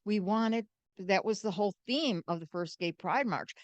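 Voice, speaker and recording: An older American woman, a guest, telling animated stories and acting out the voices in them. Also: mid-range voice, moderate pace, dry recording, muffled recording. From United States. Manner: animated, acts out quoted voices. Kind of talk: storytelling interview.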